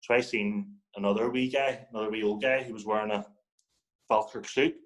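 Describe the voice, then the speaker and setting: A man with a Northern Irish accent, a podcast guest telling animated anecdotes and acting out the people in them. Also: lowish voice, a little fast, low-quality recording. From Northern Ireland. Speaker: podcast guest, former footballer. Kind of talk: casual storytelling.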